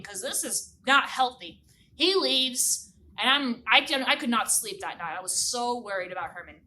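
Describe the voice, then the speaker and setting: A woman telling a silly children's story as a music teacher, animated, with sung sound effects and big exclamations. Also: fairly high pitch, distant mic, a little hiss or hum.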